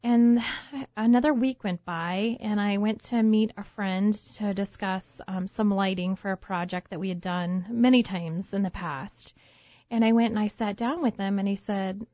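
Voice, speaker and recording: Telling her story as an interview guest, a home baker who became a business owner vividly acts out her past thoughts and words. She speaks at a moderate pace in a mid-range voice, with no room sound and a dull, muffled, lo-fi, dry quality.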